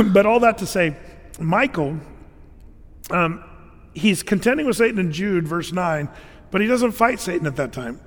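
Male pastor, high pitch, chatty sermon delivery, lots of fillers, reverberant church room. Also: unhurried, pauses often. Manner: conversational, filler-heavy, animated emphasis.

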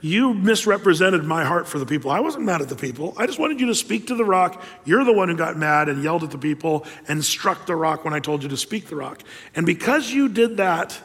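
Preacher putting on a patient, matter-of-fact God; fairly high male voice, echoing hall. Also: expressive, fairly quick, a bit bright. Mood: calm. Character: calm patient God, male, speaking to prophets.

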